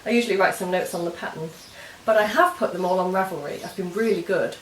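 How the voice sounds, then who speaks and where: A woman's voice: lowish voice, fast talker. A woman hosting a knitting podcast, chatting casually and explaining her projects step by step in a meandering way. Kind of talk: casual show-and-tell chat. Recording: roomy echo with faint hiss.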